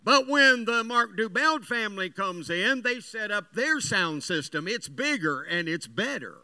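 A man preaching with a very high, sharp and bright voice, unhurried in his delivery. He mixes folksy stories with earnest, emphatic points. The sound is dry and close. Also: lively intonation, no echo. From West Virginia. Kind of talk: sermon.

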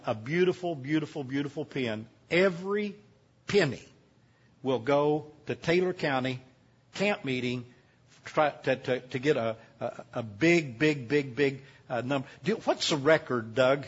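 A man's voice: a little high, normal speed, breathy edge, lo-fi sound. Rambling older man, folksy preacher. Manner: rambling, homespun, many restarts. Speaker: guest preacher at a camp meeting. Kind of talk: folksy sermon talk.

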